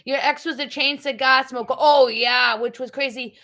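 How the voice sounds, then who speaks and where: A woman's voice: sits high, steady tone, moderate pace, sharp tone. A middle-aged woman hosting a livestream, chatting casually in a blunt, rambling way. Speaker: livestream host. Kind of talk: casual chat.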